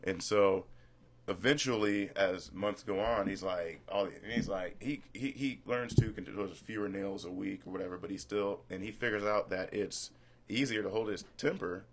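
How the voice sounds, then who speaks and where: Low-ish guy hosting a chill radio talk show, telling stories easy and loose. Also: normal speed, slight background noise. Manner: laid-back storyteller, swears lightly. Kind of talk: casual radio talk chat.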